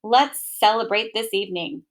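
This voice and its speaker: A woman's voice: medium pitch, normal speed, natural voice. A woman reading aloud voices a worried, loving mother in a children's storybook, speaking with anxious tenderness. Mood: gentle.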